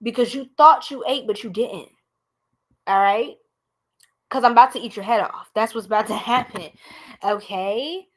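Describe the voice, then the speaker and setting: A woman with a New York accent giving a blunt, animated live tarot reading, talking straight to her viewers. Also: on the high side, normal speed, long pauses. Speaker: tarot reader.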